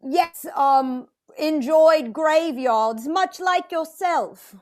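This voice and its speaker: A woman's voice: sits high, very slow, darkish tone. A woman doing a prim British newcomer. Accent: put-on British. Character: prim young British woman, new lawn worker. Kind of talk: improv comedy scene.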